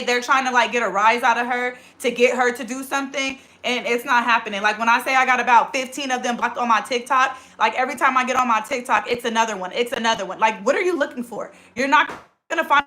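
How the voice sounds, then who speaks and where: A woman in her thirties hosting a casual livestream on her phone, chatting quickly as she reads out viewer comments. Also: fairly high pitch, pushed and bright. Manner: very fast, rapid-fire talker. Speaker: livestream host.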